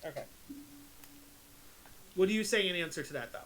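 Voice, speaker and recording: A man narrating as game master in a tabletop game, with a halting, self-deprecating way of talking. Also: high voice, animated, fairly bright tone, a little hiss or hum, rough recording.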